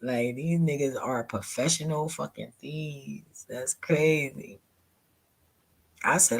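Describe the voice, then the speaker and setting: Slow, husky woman vlogger. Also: very deep voice. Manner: profane, laughing, exasperated retelling. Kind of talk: casual storytelling to camera.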